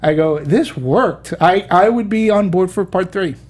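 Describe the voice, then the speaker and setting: A man hosting a movie review panel in casual chat, playful and halting with many restarts and fillers. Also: high voice, lively intonation, a little mellow. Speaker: movie review show host.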